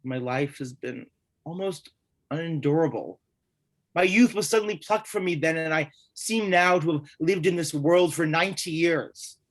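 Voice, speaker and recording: A man's voice: fairly high pitch, normal speed, natural voice. A man playing a lovesick, despairing young writer in a live streamed stage reading, speaking in an intense, pleading way. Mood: anguished.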